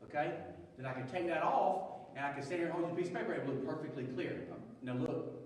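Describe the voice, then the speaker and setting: A man giving a youth sermon, telling a funny story in an animated, chatty way. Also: on the high side, fast talker, slight background noise. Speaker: youth pastor. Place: large church hall. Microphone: distant from the mic. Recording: echoey hall, distant mic, faint ambience.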